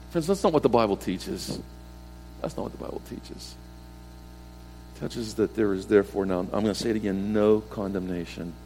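A middle-aged man preaches in an easy, conversational style, pressing points with rhetorical questions and repetition. His voice sits in a middle range and swings from emphatic bursts down to soft, low asides. The sound carries a long reverb from a large hall. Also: slight background noise. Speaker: pastor. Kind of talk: sermon.

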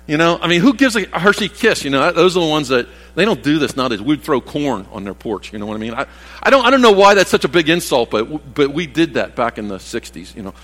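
A sixty-something pastor speaks fast in a fairly high voice that swings widely in pitch and has a fairly bright tone. His conversational sermon wanders, full of asides and restarts, and the church hall adds a long reverb.

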